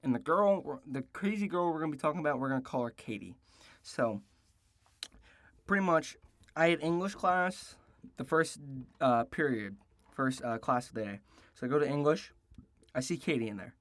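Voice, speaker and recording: A man's voice: fairly high pitch, expressive, normal speed, pauses often, a bit bright, no echo. A young man in his late teens telling a casual story-time tale, rambling and profane with lots of restarts and fillers. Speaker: storytelling vlogger.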